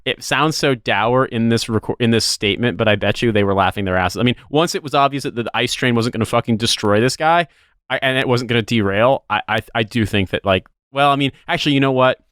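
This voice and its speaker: A man's voice: mid-range voice, fast, fairly bright tone, smooth, no room sound, clean studio sound. A man co-hosting a podcast, making wry, sardonic, profane asides in casual chat. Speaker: podcast co-host.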